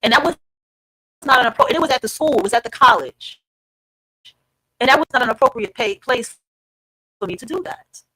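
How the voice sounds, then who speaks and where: A woman's voice: fairly high pitch, expressive, brisk, long pauses, sharp tone, breathy edge, dry recording, low-quality recording. A woman hosting an online podcast, talking casually and emphatically to her listeners and swearing freely. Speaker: podcast host. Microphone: streamed online podcast.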